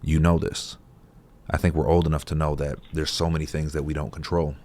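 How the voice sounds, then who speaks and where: A man's voice: very deep voice, level tone, a little fast, darkish tone, slight background noise. A man talking casually and reflectively to camera in a laid-back, profane, conversational way. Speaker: vlogger.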